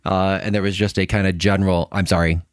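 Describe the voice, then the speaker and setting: Deep-voiced earnest man. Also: level tone, fast talker, smooth, dry recording, studio quality. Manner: warm, earnest, laughs easily. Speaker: podcast co-host. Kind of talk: casual conversation about marriage and faith.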